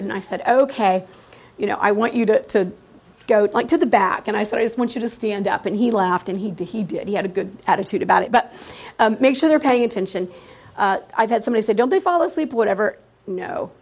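A middle-aged woman teacher giving an informal workshop talk to fellow teachers. Her voice sits somewhat high. She talks in a lively, easy way and slips into little voices as she acts out her students' answers.

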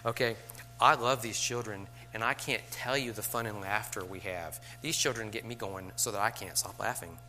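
A man's voice: on the low side, moderate pace, bright, forceful tone, soft background music. A middle-aged man, a teacher, talking to fellow teachers in a conversational way, with rhetorical asides and light chuckles.

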